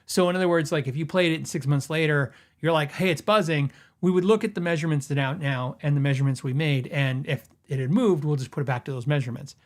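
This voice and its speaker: A middle-aged man hosting a podcast, telling rambling, animated anecdotes in casual chat, acting out both sides of quoted conversations. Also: fairly high pitch, fast talker, few pauses. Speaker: podcast host. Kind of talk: casual storytelling.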